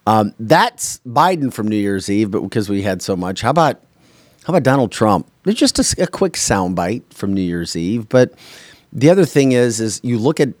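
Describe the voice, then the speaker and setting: A man hosting a casual political talk podcast, blunt and opinionated, rattling off quick asides. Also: fairly low pitch, very animated, no room sound, clean studio sound. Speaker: podcast host.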